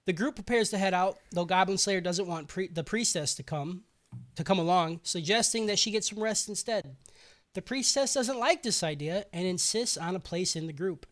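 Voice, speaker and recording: A man's voice: high voice, normal speed, a bit bright. Guy on a podcast recapping anime, sarcastic, swears a lot, casual. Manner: profane, sarcastic, offhand. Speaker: podcast co-host recapping episodes.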